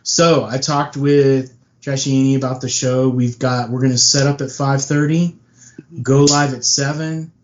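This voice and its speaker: A man's voice: mid-range voice, little pitch movement, measured pace, lo-fi sound. A man with a Texan accent, co-hosting a podcast in casual chat and joking as he tells stories. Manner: joking, storytelling. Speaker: podcast co-host.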